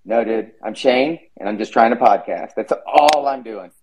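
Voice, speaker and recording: A man's voice: medium pitch, moderate pace, crowd noise, low-quality recording. A man hosting a podcast, chatting casually and rambling, swearing freely. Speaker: podcast host. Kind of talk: casual chat.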